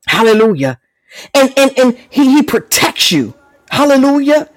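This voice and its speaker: A man's voice: very high voice, very animated, a little slow. A man preaching a charismatic sermon, laughing often, repeating hallelujah and breaking into tongues.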